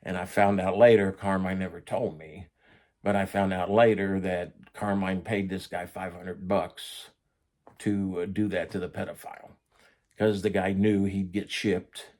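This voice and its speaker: A man's voice: low-pitched, little pitch movement, a little slow, darkish tone. A middle-aged man casually telling prison stories, blunt and profane. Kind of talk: casual storytelling.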